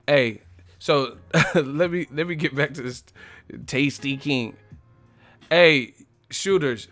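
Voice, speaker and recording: A man's voice: medium pitch, a bit bright. A man hosting a casual live stream, reading chat messages and mocking viewers, profane and laughing often. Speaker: boxing live stream host.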